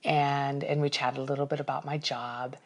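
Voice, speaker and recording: A woman with a low voice tells a personal story in casual podcast chat. She talks with animation and open emotion. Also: flat delivery, moderate pace, gravelly.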